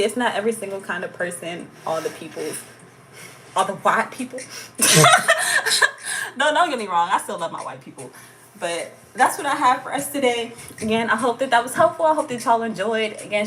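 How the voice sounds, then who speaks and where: A somewhat high-voiced American woman hosts a live chat with an easygoing, slangy delivery. She laughs often and keeps the talk loose and playful. A faint noise sits under her voice. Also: expressive, fairly quick, fairly bright tone. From United States. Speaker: tarot channel host. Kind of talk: casual livestream chat.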